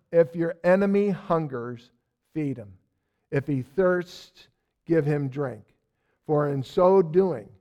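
A man teaching a verse-by-verse sermon in a folksy way, with loud stresses and soft asides, repeating words as he searches. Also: fairly high pitch, muffled recording. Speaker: Bible teacher.

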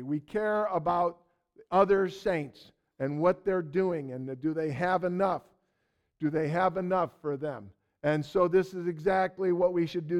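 Man, Bible teacher, slow delivery, slightly high voice, folksy, loud stresses then soft asides. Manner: repeats words as he searches. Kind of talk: verse-by-verse sermon.

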